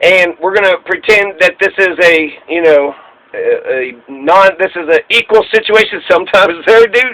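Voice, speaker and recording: A man's voice: high-pitched, normal speed, bright, forceful tone, poor audio. A man giving casual, sarcastic political commentary, rambling with many fillers.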